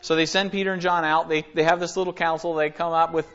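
A man's voice: on the high side, fairly quick, few pauses, fairly bright tone, dull audio. A man giving an earnest, conversational Bible study sermon, reading verses aloud and explaining them. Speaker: Bible teacher.

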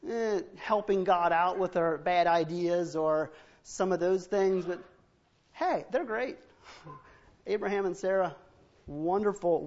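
A male preacher giving a sermon, telling Bible stories, acting out dialogue in different voices and adding humorous asides for the congregation. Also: sits high. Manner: storytelling, acts out biblical and household dialogue in different voices. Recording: dull, muffled recording.

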